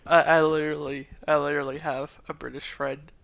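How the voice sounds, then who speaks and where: A man's voice: on the high side, flat delivery, fairly quick, vocal fry, a bit bright. A man from the US South giving casual let's play commentary as a gaming host, jokey and rambling, often laughing.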